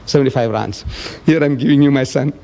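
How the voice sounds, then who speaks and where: A man's voice: medium pitch, a little fast, creaky, warm tone. An older man from South Africa giving a public lecture and taking audience questions, telling stories animatedly and acting out quoted exchanges. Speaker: public speaker.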